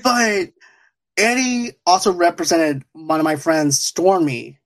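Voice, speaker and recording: A man's voice: on the high side, lively intonation, takes it slowly. A man hosting a podcast, reviewing a TV show in casual chat, rambling and laughing often. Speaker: podcast host.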